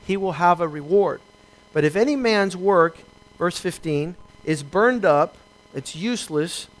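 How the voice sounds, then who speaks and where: High-voiced man preaching a sermon. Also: low-quality recording. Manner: preaching with emphatic slowdowns, quoting scripture and acting out dialogue. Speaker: pastor.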